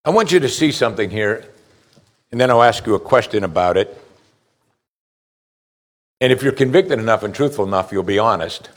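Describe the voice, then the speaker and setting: A man's voice: on the low side, animated, normal speed, long pauses. Man preaching a sermon, asking pointed questions. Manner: asks the congregation pointed questions; reads scripture aloud between remarks. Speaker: pastor.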